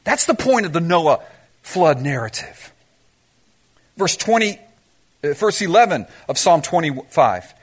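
A man's voice: on the high side, sing-song, a little slow, long pauses, husky. A man preaching a sermon, asking the congregation rhetorical questions and mixing in humorous asides. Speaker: pastor.

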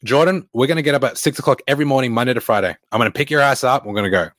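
A man, a fitness coach giving a blunt, swearing motivational talk with animated stories. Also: medium pitch, racing, dry recording. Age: late 20s.

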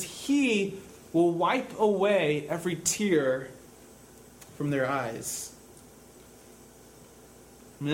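A younger man preaching a sermon in a relaxed, conversational way, often dropping to a soft, hushed voice when he quotes comforting words. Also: mid-range voice, slight background noise, poor audio. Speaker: pastor.

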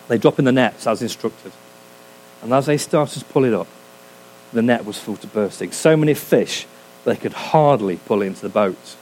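A man's voice: medium pitch, animated, normal speed, a little mellow, low-quality recording. A man preaching a sermon in a humorous, conversational way, often asking his listeners questions. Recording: faint hum, sermon recorded for a podcast.

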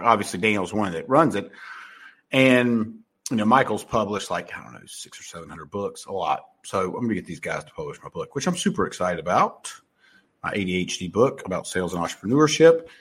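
A man's voice: fairly low pitch, fairly bright tone, breathy edge. A man telling a rambling, profane story in a casual monologue, full of fillers and restarts.

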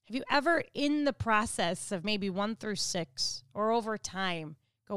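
A woman gives a devotional teaching in a smooth, resonant voice at an even, mid pitch. She talks conversationally and asks her listeners direct questions. The sound is dry and close. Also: a little slow, few pauses, dry recording. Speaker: devotional speaker.

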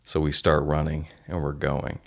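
A man's voice: extremely low pitch, completely flat delivery, moderate pace, gravelly. A man hosting a solo podcast, telling stories in an earnest, heartfelt way. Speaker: podcast host.

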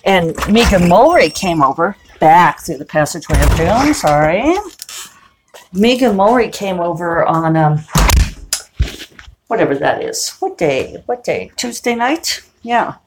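A woman's voice: lowish voice, expressive, a little slow, background noise. A middle-aged woman hosting a podcast, rambling casually and laughing at herself as she moves from her kitchen to outdoors. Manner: chatty, self-amused, laughs often. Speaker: podcast host. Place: home kitchen, then outdoors.

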